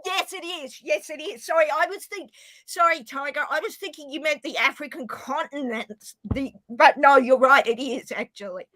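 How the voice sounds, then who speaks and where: High, bright Australian woman chatting. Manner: chatty, quick to joke and apologise. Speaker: stream guest. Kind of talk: casual chat.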